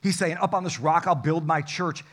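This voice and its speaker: Guy pastor preaching, kinda high voice, jumps loud then quiet, joking around. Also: normal speed. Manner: animated, jokey preaching with sudden loud and soft turns. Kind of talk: sermon.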